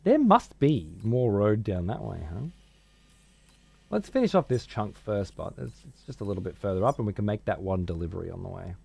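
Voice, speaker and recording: A man's voice: fairly low pitch, sing-song, a little fast, vocal fry, darkish tone, a little hiss or hum. A man streaming a game, chatting casually and rambling through strong, profane opinions. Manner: opinionated, rambling, swears a lot. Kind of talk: casual gaming stream chat.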